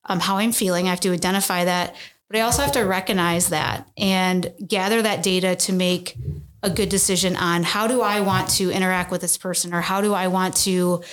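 A woman in her thirties, a podcast guest, explains things earnestly in a casual interview and often checks in with "right?". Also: lowish voice.

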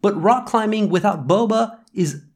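A man in his thirties speaks on his podcast in an easy, storytelling way, pausing on small fillers as he thinks aloud. His pitch rises and falls freely, giving the talk an animated lilt. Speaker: podcast host.

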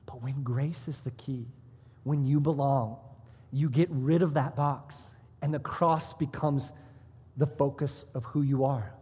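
A man's voice: mid-range voice, fairly even intonation, unhurried, mellow, husky, long reverb tail. A man serving as pastor, preaching a sermon in a church with emphatic rises and drops in his delivery. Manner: emphatic, rising and dropping for emphasis. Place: church sanctuary.

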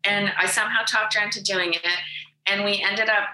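A woman in her late thirties, a guest from Winnipeg telling her story in a lively, casual way and acting out her own past dialogue. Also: medium pitch, moderate pace, a little hiss or hum. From Winnipeg, Canada. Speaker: interview guest. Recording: echoey room.

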